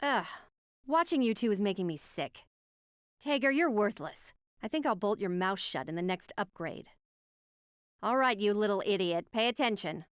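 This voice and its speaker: A woman voicing an arrogant, sharp-tongued female scientist who speaks in a condescending, sarcastic way. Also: medium pitch, animated, normal speed, smooth, no echo, studio quality, close to an everyday voice. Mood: smug.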